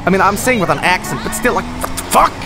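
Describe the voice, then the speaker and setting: A man streaming a video game, rambling and swearing in animated, casual commentary. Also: high-pitched, quick pace, creaky, music in the background. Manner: rambling, profane, animated, jumps to silly voices.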